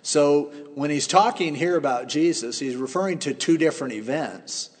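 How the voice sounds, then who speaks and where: A man's voice: a little high, moderate pace. Conversational male pastor in an echoing hall. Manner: conversational, explains scripture in plain everyday terms. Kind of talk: expository sermon. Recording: long reverb of a large hall.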